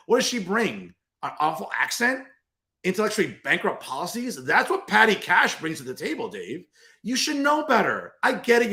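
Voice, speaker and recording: A man's voice: high voice, sharp tone. A man hosting a political talk show, ranting in a combative, sarcastic way that keeps repeating itself. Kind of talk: political commentary rant.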